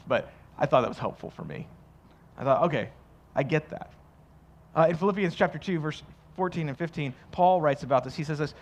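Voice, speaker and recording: A man's voice: fairly high pitch, lively intonation, moderate pace. A man preaching a sermon as pastor, conversational and joking, acting out quoted voices. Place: church.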